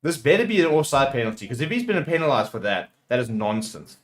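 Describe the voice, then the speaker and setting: A man's voice: medium pitch, very animated, fast. A man hosting a rugby watchalong, calling the play live and getting heated with the referee. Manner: partisan play-by-play calls. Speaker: watchalong host.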